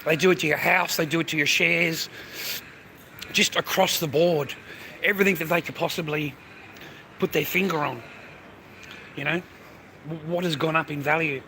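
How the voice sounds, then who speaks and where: A man's voice: fairly high pitch, fairly even intonation, moderate pace, vocal fry, long pauses, bright, forceful tone, a little hiss or hum. A middle-aged Australian man rambling in a loose, profane way during a casual livestream, talking to his phone and speaking directly to the viewer. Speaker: live streamer. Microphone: phone held while talking.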